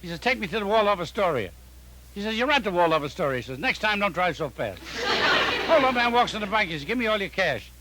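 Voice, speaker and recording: High voiced comedian guy firing off deadpan one-liners, hissy old recording with clicks. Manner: rapid-fire deadpan joke telling. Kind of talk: telephone joke line one-liners. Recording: noisy archival recording with clicks.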